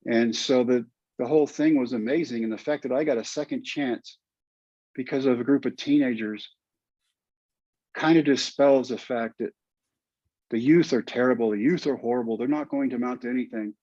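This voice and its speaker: A man's voice: mid-range voice, moderate pace, mellow, no echo. Earnest man telling his story. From United States. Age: 50s. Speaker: guest, former pitcher and teacher. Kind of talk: storytelling interview. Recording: dull dry podcast audio.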